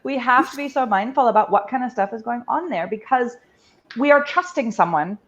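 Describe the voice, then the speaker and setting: A woman talks earnestly and with conviction in a relaxed conversation, swearing freely for emphasis. Her voice comes through on dull, muffled lo-fi audio. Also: fairly high pitch, brisk. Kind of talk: casual conversation.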